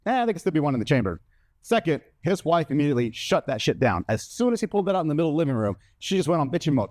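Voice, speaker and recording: A male stand-up comedian tells a long story with brash energy, jumping into other people's voices as he quotes them. His voice sits a little high for a man. The sound is dry and close, from a stage mic. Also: big pitch swings, rapid-fire, no room sound.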